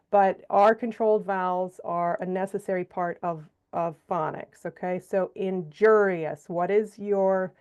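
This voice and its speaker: A woman giving a phonics lesson to teachers, sounding out syllables slowly and checking in with frequent okays. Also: medium pitch, a little mellow, smooth, muffled recording. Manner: explains step by step, checks in with frequent okays and all rights; sounds out syllables slowly and stretches example words. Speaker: reading teacher trainer. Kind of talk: instructional presentation.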